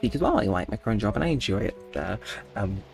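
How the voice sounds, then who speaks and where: A man's voice: fairly low pitch, big pitch swings, fast talker, gravelly, faint music behind. A young man telling stories in late-night gameplay commentary, rambling with mock-indignant outbursts. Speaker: gaming channel host.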